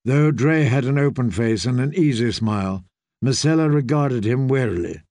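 A man narrating an audiobook in a measured, expressive way. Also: medium pitch, no echo, studio quality. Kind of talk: scripted narration.

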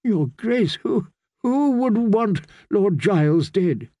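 A man's voice: high voice, lively intonation, takes it slowly, dark tone, dry recording, clean studio sound, voice pushed up, exaggerated voice. A man voicing an elderly, timid court healer who stammers and quavers. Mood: flustered. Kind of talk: audiobook character voice.

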